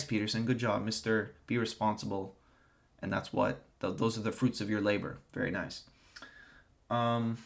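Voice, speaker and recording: A man's voice: lowish voice, a bit bright. Young man ranting sarcastically. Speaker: online commentator. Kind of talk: opinion monologue to camera.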